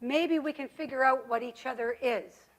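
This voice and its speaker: Storybook rabbit: a blind male, soft, earnest, a bit high, a woman doing him. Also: normal speed, natural voice.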